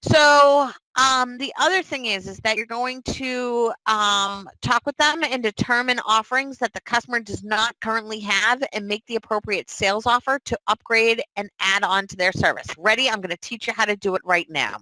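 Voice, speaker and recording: A woman's voice: fairly high pitch, moderate pace, few pauses, dry recording, low-quality recording. A young woman from the area, chatting through a recruiting webinar and acting out sample customer calls. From Boston area. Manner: chatty, animated, acts out sample calls in different voices. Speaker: webinar presenter.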